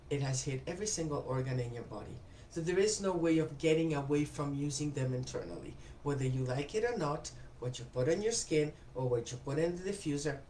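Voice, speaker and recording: A woman's voice: sits low, a little mellow, roomy sound, slight background noise. A woman hosting a casual live stream, chatty and enthusiastic as she thanks viewers by name and answers their comments. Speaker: live stream host selling essential oils.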